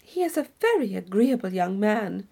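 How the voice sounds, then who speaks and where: A woman's voice: medium pitch, big pitch swings, moderate pace, vocal fry, mellow. A woman reading an audiobook, voicing a fussy, vague older lady chaperone with a mild, chattering manner.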